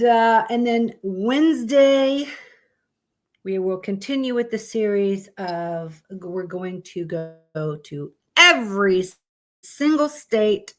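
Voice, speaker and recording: A woman hosting a live stream, chatting casually with her viewers, greeting them by name and swearing freely. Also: medium pitch.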